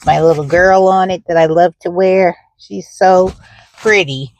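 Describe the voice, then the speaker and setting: A woman's voice: on the low side, steady tone, unhurried, slight background noise. A woman talking casually to her followers in a gardening vlog, chatty and rambling with lots of fillers, filming on her phone. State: out of breath. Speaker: gardening vlogger. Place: in a car.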